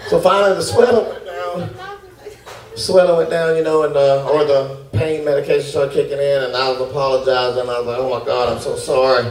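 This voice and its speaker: A man doing stand-up comedy, telling a fast, animated story and acting out his own panic. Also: fairly high pitch. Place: comedy club with laughing audience. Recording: roomy, distant club recording with noise.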